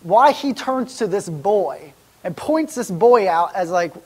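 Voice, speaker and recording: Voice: medium pitch, expressive, slow, a little mellow, breathy edge. A pastor preaching a sermon in a church, in a conversational way that wonders aloud and asks rhetorical questions.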